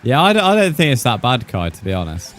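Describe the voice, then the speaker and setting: A man's voice: mid-range voice, wildly swooping pitch, fast, a bit bright, faint music behind. A young man from the UK with a British accent, chatting casually with viewers on a live gaming stream and dropping slang like mate and bro. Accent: British English. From United Kingdom.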